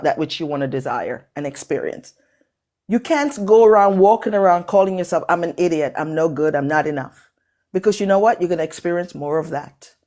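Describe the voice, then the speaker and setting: A woman's voice: medium pitch, a little mellow. Emphatic woman motivational speaker with accent. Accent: non-native English accent. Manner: emphatic, preacherly, repeats phrases for effect. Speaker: motivational speaker and workshop host. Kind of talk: motivational talk on a live call.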